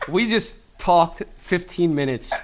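A man's voice: high-pitched, expressive, takes it slowly, heavy background noise. A man co-hosting a casual podcast, with laid-back, dry banter. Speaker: podcast co-host.

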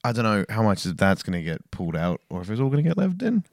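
Teasing man, low dry voice. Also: sing-song, dry recording. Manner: teasing, wraps things up briskly. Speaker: podcast host. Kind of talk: casual chat.

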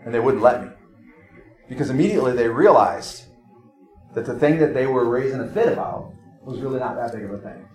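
A man preaching a sermon as pastor, earnest, moving from hushed low passages to insistent urging. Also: expressive, fairly quick, pauses often, roomy sound.

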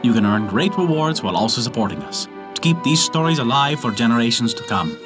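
A man hosting a folk tale podcast, narrating in an expressive, measured storytelling manner. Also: medium pitch, over music. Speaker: storyteller host.

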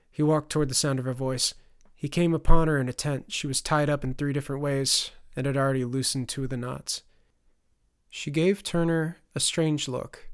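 Man narrating a fantasy audiobook, measured. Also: medium pitch, steady tone, clean tone. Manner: measured, dramatic storytelling. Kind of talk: scripted narration.

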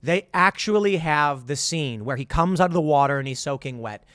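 A man offers opinionated film commentary at a moderate pace, his high, lively pitch rising and falling as he sarcastically vents in disbelief. Stumbles and restarts pepper his delivery, captured dry and up close without any room sound.

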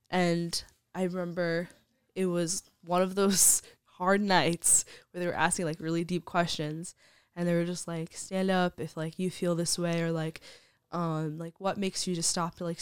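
A woman's voice: lowish voice, level tone, moderate pace, clear, resonant tone, no room sound, clean studio sound. A young woman telling her story as a podcast guest, chatty, saying "like" a lot and laughing often. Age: young adult. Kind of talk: casual storytelling interview.

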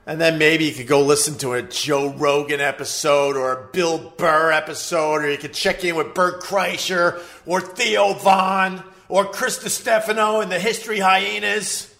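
A man hosting his podcast, ranting heatedly with swearing and shouted bursts, recorded in a home studio. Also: on the high side, fairly even intonation, moderate pace, vocal fry, few pauses, faint music behind. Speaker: podcast host. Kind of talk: casual monologue rant. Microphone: high quality recorder.

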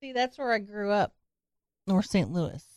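A woman co-hosting a casual podcast chat, teasing and quick to laugh. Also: mid-range voice, animated, a little mellow, dry recording. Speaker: podcast co-host.

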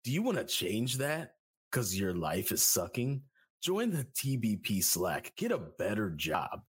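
A man co-hosting a podcast in casual chat, joking and rambling through ad reads with big swings in pitch. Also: sing-song, unhurried, breathy edge. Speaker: podcast co-host.

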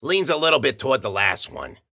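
A man's voice: medium pitch, very animated, fairly quick, gravelly, bright, forceful tone, no room sound, studio quality, exaggerated voice. A man voicing a blunt, dismissive male fixer who brushes off complaints. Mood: gruff.

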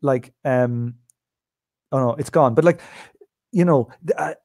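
A man's voice: mid-range voice, a little slow, a little mellow, no room sound, studio quality. An Irish man co-hosting a podcast, swearing freely and spinning anecdotes in casual chat. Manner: profane anecdotal storyteller. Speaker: podcast co-host.

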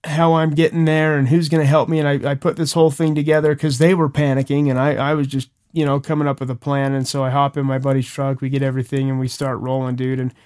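A young man co-hosting a podcast, telling a personal story in casual chat, earnest and animated with chuckles and restarts. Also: mid-range voice, quick pace, few pauses. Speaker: podcast co-host.

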